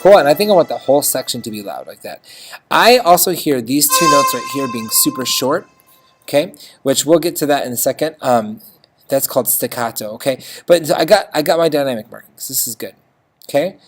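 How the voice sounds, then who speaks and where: Fairly quick and animated, with a mid-range voice, this music teacher runs a chatty screen-recorded lesson on notation. "Okay?" comes up often, and short runs of notes get sung aloud.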